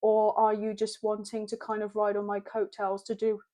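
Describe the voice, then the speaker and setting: A woman's voice: mid-range voice, completely flat delivery, normal speed, mellow. A woman reading tarot cards and passing on channelled messages in a flowing way, often saying what she is hearing. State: choked up with emotion. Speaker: tarot card reader.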